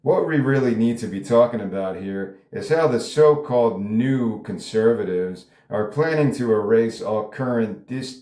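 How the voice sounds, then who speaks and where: A meek, preachy male TV pundit, read by a man. The voice is low and mellow. It carries a roomy echo. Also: natural voice. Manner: meek, earnest. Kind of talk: table read of a script.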